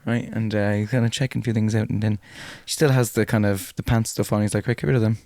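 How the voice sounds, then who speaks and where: A man's voice: fairly low pitch, fairly even intonation, quick pace, darkish tone, no echo. Man telling rude jokes, dry sound. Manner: tells rude jokes with laughing asides. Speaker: podcast co-host. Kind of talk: casual comedy chat. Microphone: close podcast mic.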